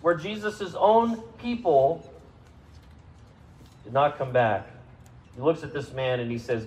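A man preaching a sermon to a congregation, speaking conversationally, asking them questions and rising in pitch and volume for emphasis. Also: lively intonation, slow pace, long pauses, darkish tone, slight background noise, low-quality recording. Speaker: pastor. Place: church service.

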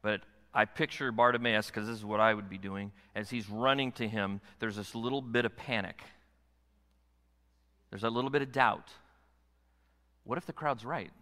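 A male pastor delivers a sermon in a bright, forceful voice. He moves between hushed, intimate passages and loud, pressing exhortation. The sound carries a long reverb from a large church sanctuary. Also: lowish voice, steady tone, normal speed.

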